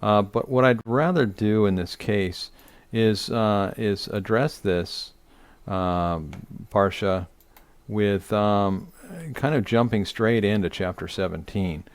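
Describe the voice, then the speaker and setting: A man's voice: fairly low pitch, takes it slowly, smooth, no echo. A middle-aged man, a rabbi, teaching an online Torah study, speaking off the cuff with many fillers and restarts.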